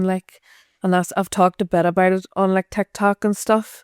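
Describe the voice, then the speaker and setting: A woman's voice: mid-range voice, level tone, normal speed, darkish tone, clean tone, no room sound, studio quality. A woman, a podcast guest chatting candidly, swearing freely and laughing often. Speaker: podcast guest, social media creator. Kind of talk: candid casual chat.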